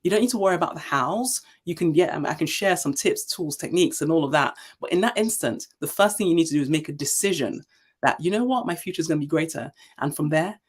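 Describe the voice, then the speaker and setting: A woman in her forties from Nigeria, a leadership speaker telling her story as a guest in an interview, emphatic and animated. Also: sits low, fast, breathy edge. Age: 40s.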